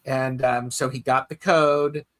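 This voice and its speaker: A man's voice: medium pitch, fairly even intonation, unhurried, fairly bright tone. A man hosting a podcast in casual chat, telling stories in a rambling way with many fillers and restarts. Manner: reads listener comments aloud. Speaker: podcast host.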